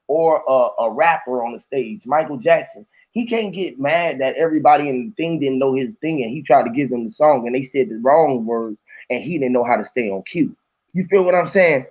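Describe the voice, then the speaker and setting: A man hosting a casual chat, rambling and animated, swearing freely in slangy talk. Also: mid-range voice. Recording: dull lo-fi audio.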